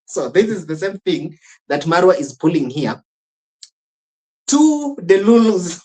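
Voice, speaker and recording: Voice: mid-range voice, animated, a little slow, dark tone. Streamer laughing thru a live reaction, chatting w viewers. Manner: chuckles often, talks to chat.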